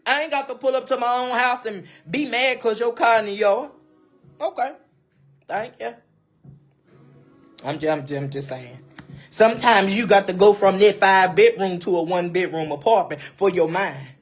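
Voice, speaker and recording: A woman talks straight into her live stream with a husky, slightly breathy voice, pressing her advice on listeners in repeated, emphatic phrases. She calls her audience baby, and soft music plays faintly behind her. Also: medium pitch, normal speed. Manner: speaks to viewers directly, calls them baby. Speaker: livestreamer. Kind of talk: casual live-stream monologue.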